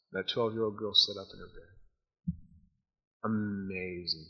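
A man preaching a sermon, retelling Bible stories in a casual, animated way and acting out the characters' lines. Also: fairly low pitch, normal speed, long pauses, husky, highs cut off. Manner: storytelling, acts out the voices of Bible figures. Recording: long hall reverb.

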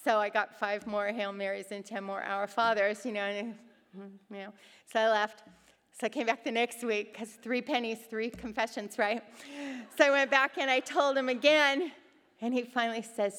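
A middle-aged woman teaching a women's Bible study, telling personal stories with lively voices for the people in them. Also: a little high, moderate pace, smooth, big-room sound. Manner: animated storytelling, acting out quoted voices.

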